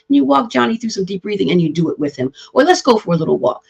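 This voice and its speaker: A woman hosting a live-streamed talk on mental health, walking parents through ideas step by step. She keeps checking in with her listeners as she explains. Her voice sits at an ordinary middle pitch and comes through a muffled, lo-fi stream. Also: animated, very fast, gravelly, slightly rough. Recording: dull lo-fi stream audio.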